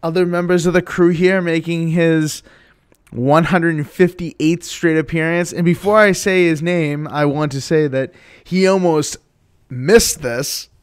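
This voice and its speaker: Smooth-voiced man hosting a podcast. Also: on the high side, fairly even intonation, measured pace. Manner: rambling, loose delivery with many fillers. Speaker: podcast host. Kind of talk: casual podcast chat.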